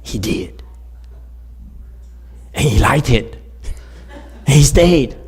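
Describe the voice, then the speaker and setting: A man's voice: medium pitch, expressive, extremely slow, darkish tone, husky. A man, a Buddhist meditation teacher, giving an informal dharma talk, telling stories with jokes and frequent laughter and talking straight to his listeners. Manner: jokey, laughs often, talks straight to listeners.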